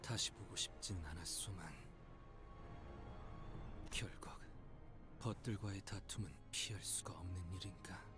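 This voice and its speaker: A solemn, old-fashioned figure from a video game, voiced by a man, speaking in archaic, formal phrasing. His voice sits very deep, hushed and hurried, with loud music playing underneath. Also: whispered, lightly acted. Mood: grave.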